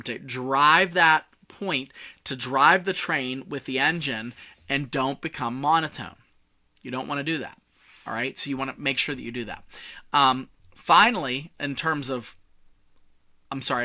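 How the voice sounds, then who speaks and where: A man teaching a public speaking lesson in a casual, joking way. He shifts his volume and tone on purpose, from big and loud to soft and hushed. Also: fairly high pitch. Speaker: communication coach.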